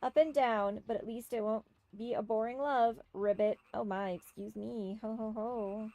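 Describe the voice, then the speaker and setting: A woman doing a croaking frog sorceress. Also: fairly high pitch, steady tone, no echo, natural voice. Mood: mystical. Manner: croaks ribbits, slow and hushed. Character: mystic frog sorceress woman, odd and solemn.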